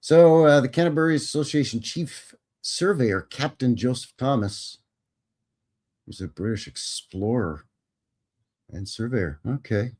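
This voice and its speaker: A Canadian man hosts a casual livestream. He reads history passages aloud, then breaks off into folksy, wry asides, sprinkling in "bud" and "eh." His voice sits at an ordinary middle pitch. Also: measured pace, a little mellow. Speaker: livestream host. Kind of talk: casual commentary reading aloud.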